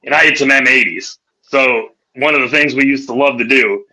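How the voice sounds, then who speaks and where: A man's voice: medium pitch, a little fast, sharp tone, rough recording. A man hosting a podcast, telling profane, rowdy anecdotes in casual chat and laughing through them. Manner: laughs through his stories. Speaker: podcast host.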